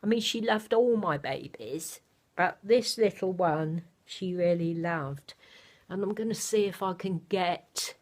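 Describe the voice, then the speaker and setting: An older woman chatting casually to her camera at home, rambling gently with many fillers. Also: lowish voice, a little slow. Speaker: vlogger. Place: home, indoors.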